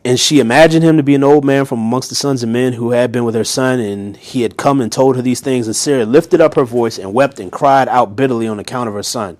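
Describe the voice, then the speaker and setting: A man's voice: mid-range voice, brisk, few pauses, darkish tone. Man reading scripture with slangy asides. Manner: reads aloud, then breaks off into slangy asides to listeners; direct, rhetorical questions to listeners. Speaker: Bible study teacher. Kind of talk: scripture reading with casual commentary.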